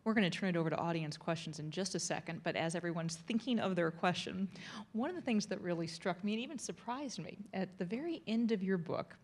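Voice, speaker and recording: A woman moderating a public conversation who speaks in a brisk, organized and friendly way as she poses questions and opens the floor. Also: fairly low pitch, lively intonation. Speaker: event moderator.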